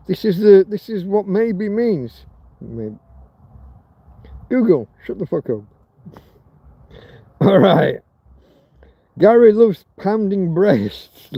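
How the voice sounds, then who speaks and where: A man's voice: sits high, very animated, takes it slowly, pauses often, no echo, dull audio. A man from Britain hosting a rambling livestream chat, crude and joking, swearing freely. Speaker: livestream host. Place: outdoors in a field in Spain.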